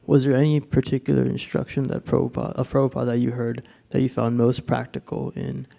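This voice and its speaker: A man's voice: medium pitch, level tone, fairly quick, gravelly, dark tone. A man in the audience politely asking the speaker a question.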